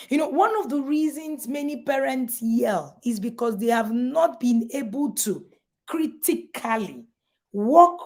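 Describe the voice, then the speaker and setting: A middle-aged Nigerian woman talks to parents as a coach, her voice high and very lively in pitch. She is emphatic and animated, now and then mimicking a shout to drive a point home. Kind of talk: motivational talk to parents.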